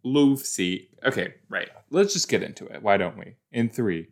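A man's voice: fairly low pitch, expressive, moderate pace, vocal fry, few pauses. A young man hosting a casual watch-along show, rambling and joking as he reacts to a TV episode. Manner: rambling, playful, jumps into silly put-on voices. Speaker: podcast host reacting to a TV episode.

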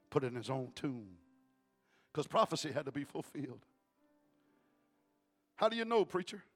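A male evangelist preaching in a church, telling a story emphatically and rising to shouts. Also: fairly high pitch. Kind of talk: storytelling sermon.

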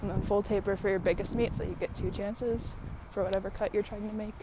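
Her mid-range, steady voice moves fast as this female podcast host rambles casually on an outdoor walk, breathless from the uphill climb. She uses many fillers and often laughs mid-sentence, over some background noise.

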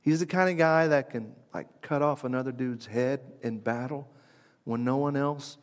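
Male preacher, mid-pitch, conversational sermon delivery, hushed to emphatic, long church reverb. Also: moderate pace. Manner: conversational, reflective, with wide shifts from hushed to emphatic.

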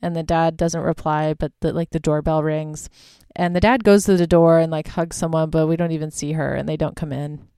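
A woman's voice: sits low, steady tone, brisk, warm tone, smooth, dry recording, studio quality. A young woman hosting a podcast, casually recapping a horror movie in a chatty way full of filler words. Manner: chatty, lots of "like" and "um". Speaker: podcast host.

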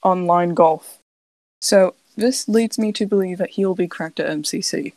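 Give me a deadpan young woman chatting on a podcast in a low voice. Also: unhurried, no echo, poor audio. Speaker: podcast co-host. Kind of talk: casual chat.

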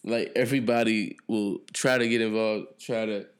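A man's voice: lowish voice, fairly even intonation, normal speed, smooth. A man hosting his own podcast alone, talking in a reflective, loose and profane way that trails off and restarts. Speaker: podcast host. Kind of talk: solo podcast monologue.

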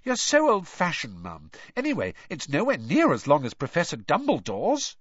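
A man's voice: fairly high pitch, wildly swooping pitch, moderate pace, fairly bright tone, husky, no echo, muffled recording, pitched above the performer's own voice, exaggerated voice. A man voicing a teasing teenage girl. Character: teenage girl, cheeky youngest sister.

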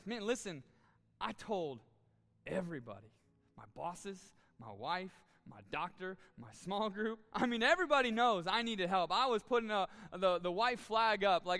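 Male pastor, sermon delivery: earnest, candid, high crisp voice, hall reverb. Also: sharp tone. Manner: earnest, candid, repeats words when moved. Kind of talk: sermon with personal story. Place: church auditorium, live audience. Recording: long reverb of a large hall.

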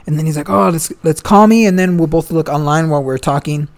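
A man's voice: a little high, fast. A young man, a guest, chatting casually and telling a long story, swearing freely and full of slang. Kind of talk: casual chat.

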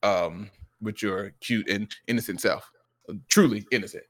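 In a lowish voice at a moderate pace, a podcast co-host shares stories during a casual conversation. He's earnest and reflective but animated, voicing quoted lines, including those of his son.

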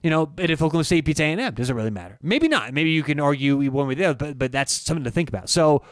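A man co-hosts a betting show, his voice a touch higher than most men's. He talks emphatically and animatedly, restarting his sentences as he goes. The mic is close and dry, with no room sound. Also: lively intonation, very fast, dry recording. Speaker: podcast co-host, sports bettor. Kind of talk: casual sports betting chat.

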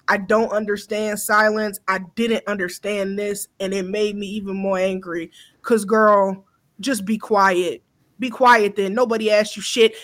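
A woman's voice: mid-range voice, a bit bright. A woman co-hosting a podcast in casual chat, blunt and heated, talking emphatically with plenty of profanity. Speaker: podcast co-host.

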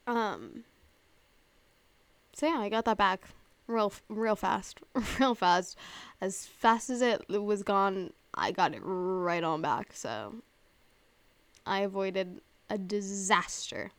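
A woman in her twenties hosting a casual podcast. She tells a story with lots of "like" and swearing, acting out her own reactions in a voice that jumps up high. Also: takes it slowly, long pauses, no room sound. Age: 20s. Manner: animated storytelling, heavy use of "like" and swearing; acts out her own past reactions with big jumps in pitch. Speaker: podcast host. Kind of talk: casual chat.

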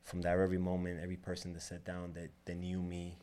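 A man's voice: low voice, quick pace. A man being interviewed as a barbershop owner, casually retelling a personal story with lots of quoted back-and-forth. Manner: rambling, animated retelling with quoted dialogue.

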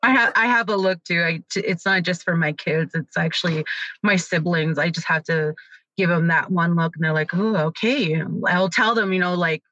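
A woman in her thirties chats as a guest, her voice bright and forceful. She tells animated family stories, and the recording sounds dull and lo-fi, close and dry. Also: lowish voice, normal speed, dry recording. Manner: animated storyteller, mimics family. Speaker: guest musician. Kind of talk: casual chat.

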